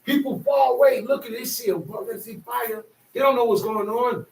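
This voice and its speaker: A man's voice: very high voice, steady tone, normal speed, creaky. A man preaching and teaching his listeners, firing rhetorical questions at them in a colloquial, emphatic manner. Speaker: street preacher. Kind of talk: call-and-response teaching. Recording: echoey, distant mic with faint ambient noise.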